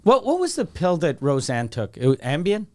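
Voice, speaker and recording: His fairly high voice swoops wildly in pitch while keeping a normal speed as this Canadian podcast host tells a long comic story. It's casual, profane and rambling, and he acts out the quotes of the people involved.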